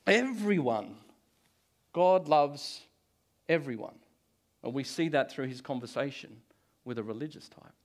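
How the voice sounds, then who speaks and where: A man's voice: medium pitch, lively intonation, a little slow, pauses often. A man preaching a Good Friday sermon to a church congregation, telling stories with a joking touch and chuckling often. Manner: storytelling, jokey, chuckles often. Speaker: pastor.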